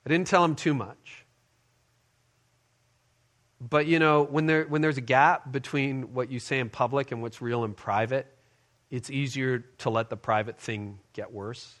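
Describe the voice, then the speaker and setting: A man's voice: medium pitch, steady tone, unhurried, fairly bright tone. A middle-aged male pastor giving a talk to a congregation, telling a personal story and acting out the dialogue in it. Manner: storytelling, acts out quoted dialogue. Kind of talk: sermon-style leadership talk.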